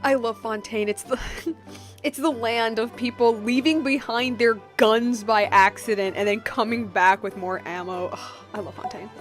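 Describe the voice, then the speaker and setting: A young woman streaming a video game, chatting casually, excitable and giggly, with lots of restarts and "like"s. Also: a little high. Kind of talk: casual game livestream commentary.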